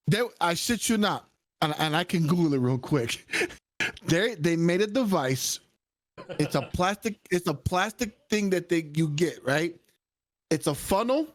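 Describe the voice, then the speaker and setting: A man's voice: sits high, no room sound. A man co-hosting a podcast, telling crude stories in casual chat, swearing a lot and laughing often. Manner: profane, storytelling, laughs often. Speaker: podcast co-host.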